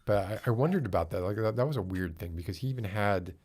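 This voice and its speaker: A man with a very low voice talks loosely as a show host. He rambles through his thoughts with plenty of fillers and restarts. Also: expressive, quick pace, darkish tone. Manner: rambling, chatty, many fillers. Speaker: podcast host. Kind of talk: casual chat.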